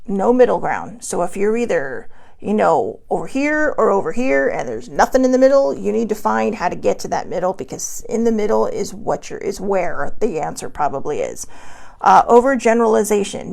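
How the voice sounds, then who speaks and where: A woman's voice: medium pitch, vocal fry, a little mellow. A middle-aged woman hosting a casual self-help vlog from her desk at home, talking candidly and rambling with many fillers. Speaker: host.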